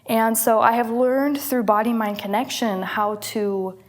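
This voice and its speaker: A woman's voice: a little high, steady tone, measured pace. Encouraging woman coaching a movement exercise. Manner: encouraging, laughs often, breathy exhales between cues. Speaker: health coach. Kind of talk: guided movement instruction.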